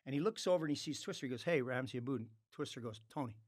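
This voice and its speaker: A man at a middle pitch for his sex, spinning a long tale in a relaxed podcast chat. He swears freely and slips into the voices of the people in his story as he goes. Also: rapid-fire. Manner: animated, acts out quoted dialogue, swears freely. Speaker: podcast guest. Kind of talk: casual storytelling.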